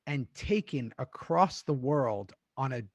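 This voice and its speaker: A middle-aged man hosting a podcast in casual chat, animated, swearing freely and laughing mid-sentence. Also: medium pitch, takes it slowly, dry recording. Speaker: podcast host recapping a TV episode.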